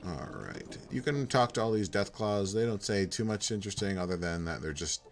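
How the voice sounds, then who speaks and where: A man's voice: on the low side, a little fast, soft background music. A man giving casual, rambling commentary on a game playthrough and reading its text aloud. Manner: relaxed, rambling, reads on-screen text aloud. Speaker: game streamer.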